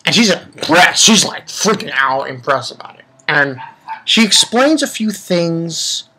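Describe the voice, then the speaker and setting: Lively, profane young man recapping anime. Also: on the high side, measured pace, a little hiss or hum. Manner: rambling, profane, many restarts. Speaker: anime reviewer. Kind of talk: casual episode recap.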